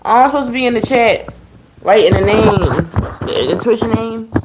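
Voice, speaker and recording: A woman's voice: on the high side, normal speed, roomy sound, heavy background noise. A woman streaming live from home, chatting casually with her viewers, swearing freely and keeping a dry, sarcastic edge. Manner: chatty, profane, addressing viewers as y'all.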